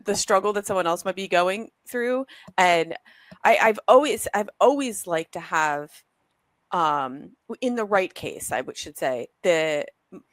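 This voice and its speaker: A woman's voice: on the low side, no echo. A woman co-hosting a podcast, talking earnestly and chatting with self-deprecating laughter. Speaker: podcast co-host. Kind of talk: casual podcast chat.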